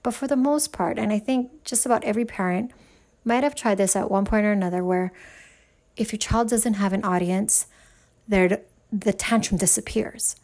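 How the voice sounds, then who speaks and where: A woman's voice: medium pitch, moderate pace, a little mellow. Woman, parenting advice monologue, frank, emphatic, addresses listener directly. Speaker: parenting advisor.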